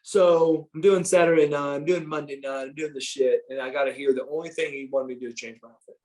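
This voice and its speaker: Middle-aged male guest, higher-pitched voice, swears freely and restarts often while telling stories. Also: fast. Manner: animated, profane, frequent restarts. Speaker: interview guest. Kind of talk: casual storytelling.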